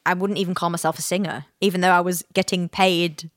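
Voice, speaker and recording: Frank woman, low voice, dry sound. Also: little pitch movement, no room sound. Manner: frank, swears freely, halting restarts while telling a hard story. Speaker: podcast co-host. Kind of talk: casual chat.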